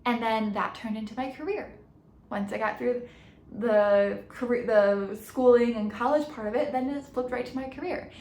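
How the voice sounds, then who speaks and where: A woman's voice: on the high side, moderate pace, darkish tone, echoey room. A woman coach in her thirties telling a personal story on her podcast, earnest and reflective, often restarting and correcting herself mid-sentence.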